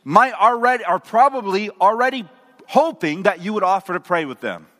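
A man's voice: sits high, animated, normal speed, bright, forceful tone. A male pastor preaching a sermon, emphatic and asking the audience questions. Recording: long hall reverb.

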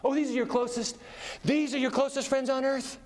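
A man's voice: extremely high pitch, flat delivery, fairly quick, pitched above the performer's own voice. A preacher voicing a sly male devil who taunts in a mocking, wheedling half-whisper. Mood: taunting. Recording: long reverb of a big hall.

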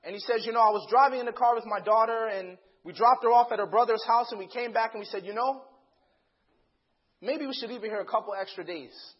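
A man preaching a sermon, swinging between loud dramatic bursts and hushed passages, and acting out the voices in a story. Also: sits high, brisk, husky, dull audio.

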